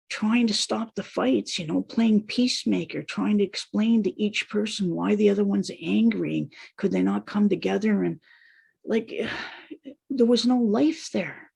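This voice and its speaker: Woman, rough raspy worn voice, pained personal monologue that keeps circling back. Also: medium pitch, a little slow, darkish tone. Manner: raw, pained and repetitive, with long trailing lists. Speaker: speaker telling her own story.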